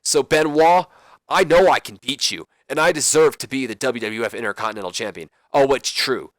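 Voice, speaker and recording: A man voicing a cocky, boastful male pro wrestler in a loud, brash delivery. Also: medium pitch, fairly quick, no room sound, close to an everyday voice.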